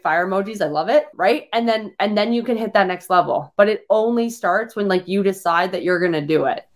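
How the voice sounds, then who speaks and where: A young woman coaching her listeners in a casual, live-streamed motivational podcast. She is blunt and energetic, swears freely, and keeps filling her talk with filler words. Her voice sits at an ordinary middle pitch. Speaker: fitness coach and podcast host.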